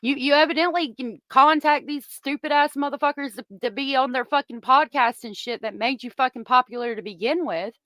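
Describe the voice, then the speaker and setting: A commentary channel host, she rants angrily and profanely at viewers into a close desk microphone. Her high, slightly bright voice comes fairly quick with hardly any pauses, and there's no room sound.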